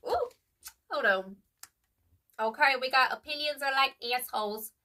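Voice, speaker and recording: A woman's voice: high voice, animated, a little slow, bright, forceful tone, distant mic. A young woman doing a casual tarot reading, chatty and emphatic, full of slang, calling the listener "boo-boo" and closing points with "period.". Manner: slangy, affectionate, calls the viewer "boo-boo". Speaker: tarot reader.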